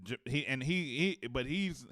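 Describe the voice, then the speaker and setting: A podcast host from Cleveland, Ohio, trading stories and roasting friends in casual banter, laughing often. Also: male voice, mid-range voice, lively intonation, measured pace, a bit bright, dry recording, clean studio sound. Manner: rowdy storyteller, laughing and roasting.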